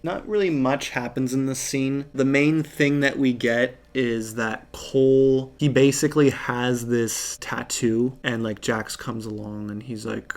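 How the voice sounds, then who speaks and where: A man's voice: mid-range voice, fairly even intonation, unhurried, hardly any pauses. A man recapping a film in a casual, chatty way, filling his talk with "like" and swearing when something annoys him. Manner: conversational, says "like" a lot, swears when annoyed. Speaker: movie reviewer.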